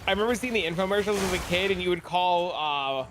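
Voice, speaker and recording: A man's voice: high-pitched, fast talker, a bit bright, a little hiss or hum. A man streaming a game and telling crude joking stories in casual chat, swearing often.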